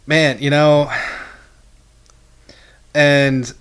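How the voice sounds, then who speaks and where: A man's voice: fairly high pitch, little pitch movement, very slow, fairly bright tone, clean tone. A man hosting a casual faith podcast, talking passionately in long rambling runs full of restarts. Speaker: podcast host.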